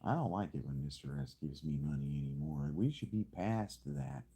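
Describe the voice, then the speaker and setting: A man's voice: a bass voice, animated, moderate pace, gravelly, warm tone, husky. A man chatting casually while he streams a video game, rambling and swearing with bursts of laughter. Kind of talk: casual gameplay stream chat.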